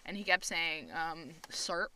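Bright giggly woman podcast host. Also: medium pitch, sing-song, normal speed, a little hiss or hum, low-quality recording. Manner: giggly, laughs through her lines; teasing, crude banter. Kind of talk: casual chat.

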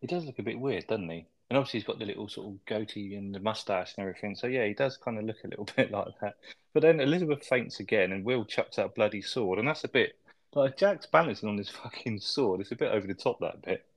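A man's voice: fairly low pitch, fast, no room sound. A man chatting casually about a film, laughing often and hedging with fillers. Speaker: podcast co-host. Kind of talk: casual film review chat.

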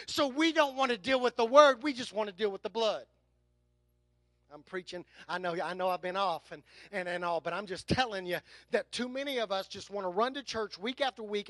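Pastor, male, very high voice, fervent sermon delivery with hushed asides, dry close recording. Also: no room sound. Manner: impassioned, swings from loud emphasis to hushed asides, repeats words.

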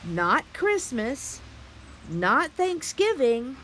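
Animated high-voiced woman hosting for kids. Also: drawn-out words. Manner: animated, sing-song, talks to the kids and her dog. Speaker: children's show host. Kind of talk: children's sing-along lesson.

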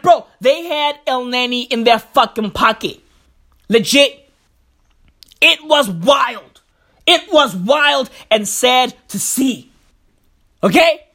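A man delivering a profane comedic rant, loud and excitable, full of slang and repeated words. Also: very high voice. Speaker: comedic ranter.

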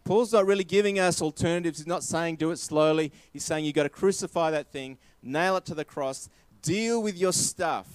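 A man delivering a sermon in a fairly high voice, driving each point home by repeating it. The sound is dry and close, with no room echo. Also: a little fast, hardly any pauses, smooth. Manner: emphatic, repeating key phrases. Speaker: preacher.

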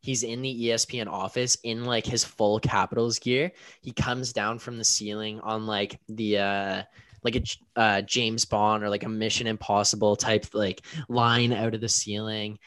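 A man's voice: fairly low pitch, little pitch movement, normal speed, a bit bright, no echo. A young man in casual chat, telling stories with lots of filler words. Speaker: podcast co-host.

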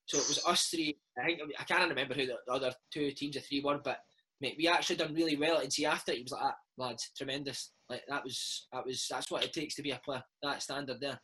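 A Scottish man in his thirties, a former footballer telling animated stories in a casual interview chat, dropping "mate" into every other line. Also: medium pitch, fast talker, slightly rough, low-quality recording. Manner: animated storytelling, peppered with "mate". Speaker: former footballer and podcast host, interview guest.

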